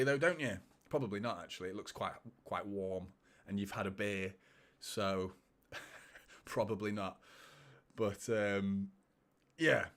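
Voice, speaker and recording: A man's voice: mid-range voice, a bit bright. A man, hosting a live football watchalong, chatting casually and laughing as he reads viewer comments. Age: 30s.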